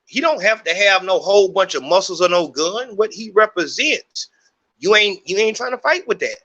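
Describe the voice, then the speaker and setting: A man's voice: high-pitched, animated, normal speed, sharp tone, highs cut off. A middle-aged man hosting a podcast, talking in a heated, profane, rambling monologue. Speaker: podcast host. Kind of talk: unscripted monologue.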